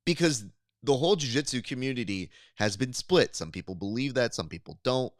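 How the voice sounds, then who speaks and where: Animated podcast host, dry close mic. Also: male voice, fairly quick, no echo. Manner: animated, riffing, pitching ideas with mock appeals. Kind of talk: casual podcast chat.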